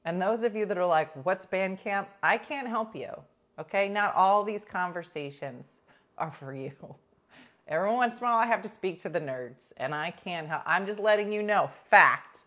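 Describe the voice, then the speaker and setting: A woman's voice: mid-range voice, moderate pace. A woman co-hosting a talk show, telling stories in casual chat with lots of "like". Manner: animated storytelling, heavy use of "like".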